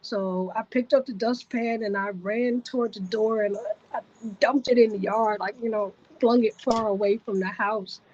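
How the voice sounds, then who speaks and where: A woman's voice: a little high, fairly even intonation, moderate pace, a little mellow, muffled recording. A woman vlogger telling a personal story to the camera, vivid and repetitive in her retelling.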